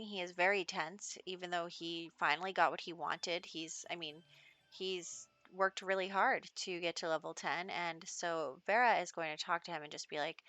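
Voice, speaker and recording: A woman narrates her game's storyline in a chatty, easygoing style, with plenty of "you know" and "um". Her voice is lowish yet bright and forward, and it is recorded dry and close with hardly any room sound. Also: no room sound. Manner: chatty, storytelling with many fillers. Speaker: gaming channel host. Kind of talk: let's play narration.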